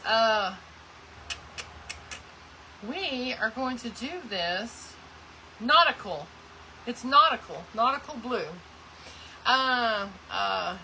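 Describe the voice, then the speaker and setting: A woman's voice: a little high, sharp tone, a little hiss or hum, poor audio. A woman hosting a craft livestream, chatting casually and rambling as she greets viewers by name. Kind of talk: casual chat while crafting, reading viewer comments.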